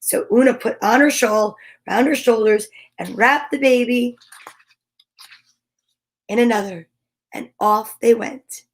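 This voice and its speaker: A woman's voice: on the high side, slow pace, long pauses. A woman hosting a children's storytime, reading a storybook aloud playfully and animatedly, with chatty asides. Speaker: storytime host.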